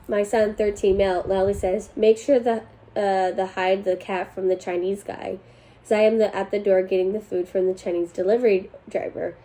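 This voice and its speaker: A young woman hosts a casual chat and reads forum posts aloud with a mellow, unhurried warmth. She laughs easily between lines and keeps her pitch in an ordinary middle range. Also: rough recording. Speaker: host reading online posts.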